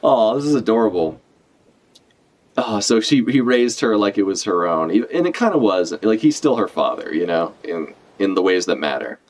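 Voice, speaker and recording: A man streams a live reaction to a comic, talking casually and animatedly over the panels and swearing freely as he follows the story. His voice is lowish and moves at a normal pace.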